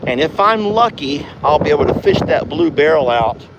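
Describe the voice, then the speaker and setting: A man's voice: fairly high pitch, animated, normal speed, highs cut off, very noisy. A man chatting folksily as host of a farm livestream, outdoors. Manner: folksy, chatty, calls loudly to his deaf dog. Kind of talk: casual livestream chat.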